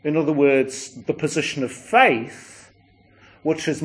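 A man's voice: fairly high pitch, takes it slowly. A man preaching a sermon as a rambling storyteller, with many restarts and asides.

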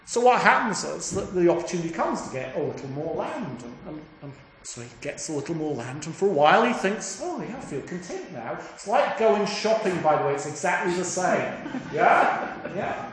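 A man, a priest, retelling a story in a sermon in an animated, chatty way, with many restarts. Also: a little high, moderate pace, slight background noise. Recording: echoey room with faint ambience.

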